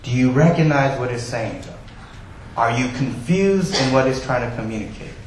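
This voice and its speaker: A man preaching a sermon, telling Bible stories in a lively way and acting out the characters' lines. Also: medium pitch, normal speed, slight background noise. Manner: animated storytelling, acts out quoted voices. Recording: very echoey hall, faint ambience.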